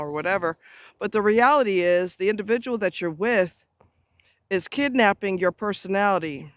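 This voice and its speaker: A man with a voice that sits high talks at a moderate pace directly to the camera beside a road outdoors. As an advice vlogger, he delivers a casual monologue that is emphatic, blunt and chatty, with offhand remarks along the way.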